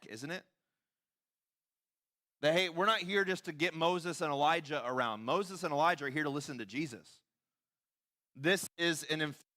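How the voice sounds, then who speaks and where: A man delivers a sermon in a church with a bright, forceful voice pitched slightly above most men. He preaches conversationally, acting out quoted voices and sinking to quiet, intense emphasis at key points. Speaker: pastor. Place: church sanctuary.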